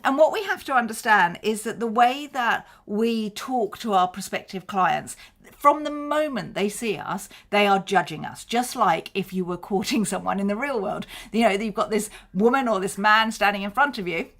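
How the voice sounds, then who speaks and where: A woman's voice: medium pitch, expressive, moderate pace, fairly bright tone. Woman coaching in a chatty way. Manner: conversational, acts out short snippets of dialogue. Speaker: marketing coach. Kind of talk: explaining to camera.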